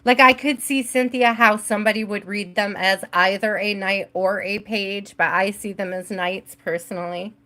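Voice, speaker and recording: A woman's voice: medium pitch, steady tone, moderate pace, hardly any pauses, sharp tone. A woman hosts a live tarot reading in a loose, chatty way, laughing often and breaking off to greet viewers by name. Her voice sits in an ordinary middle range, and she talks like she's chatting with friends. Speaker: tarot reader hosting a live stream. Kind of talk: casual live-stream chat.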